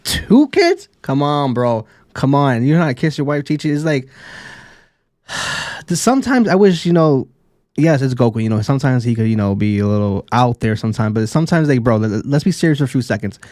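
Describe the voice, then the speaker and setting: A man's voice: medium pitch, a little fast, a little mellow. Male co-host, loose profane rants, dry recording with no room echo. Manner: loose, exasperated, profane ranting. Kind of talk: casual anime discussion.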